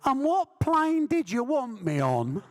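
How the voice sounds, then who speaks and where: A man putting on a squeaky-voiced big boxer. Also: huge pitch swings, slow pace, full character voice. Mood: laid-back. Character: big male boxer with a squeaky, high-pitched voice.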